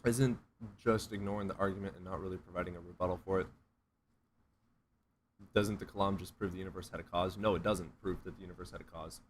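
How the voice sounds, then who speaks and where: A man's voice: sits low, fairly even intonation, fast talker, pauses often, slight background noise. A man streaming and answering chat questions in a blunt, profane, sarcastic way. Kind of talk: casual livestream chat.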